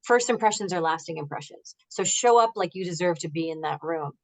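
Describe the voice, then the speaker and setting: A woman's voice: lowish voice, brisk, low-quality recording. A woman negotiation expert giving emphatic advice in a conversational interview over a video call, acting out what her clients say. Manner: energetic, emphatic, acts out client quotes. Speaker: negotiation expert and author, guest.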